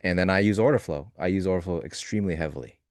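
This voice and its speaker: A man co-hosting a live trading stream, talking in a loose, joking way and thinking out loud in fragments. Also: low-pitched, quick pace, no room sound, clean studio sound. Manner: loose, joking, talks through ideas in fragments. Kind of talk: casual live-stream chat.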